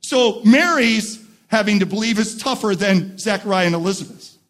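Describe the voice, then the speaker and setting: A male pastor preaching a sermon who builds from quiet, reflective talk to repeated shouted emphasis. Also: sits high, lively intonation, moderate pace.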